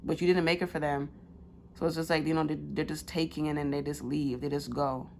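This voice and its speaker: A woman's voice: sits low, little pitch movement, fairly quick, creaky, a little mellow, a little hiss or hum. A woman giving a casual pick-a-card tarot reading, loose and slangy with many fillers.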